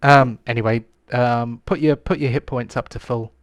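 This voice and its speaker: A man's voice: mid-range voice, fairly even intonation, normal speed, no echo, clean studio sound. A man running a tabletop game in casual chat, hesitant with many ums. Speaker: game master.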